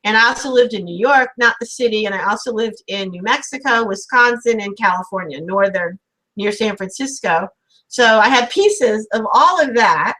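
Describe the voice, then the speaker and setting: A woman's voice: fairly high pitch, lively intonation, normal speed, poor audio. Chatty woman host from St. Louis. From St. Louis, Missouri. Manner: chatty, warmly teasing questioner. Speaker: podcast host. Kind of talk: casual video-call interview.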